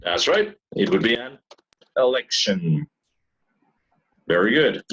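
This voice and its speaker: A man leads an English lesson over a video call. His voice rises and falls a lot, which keeps it lively. He patiently repeats each question until a student answers. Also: mid-range voice, moderate pace, long pauses, highs cut off. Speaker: English teacher. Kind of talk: online class teaching.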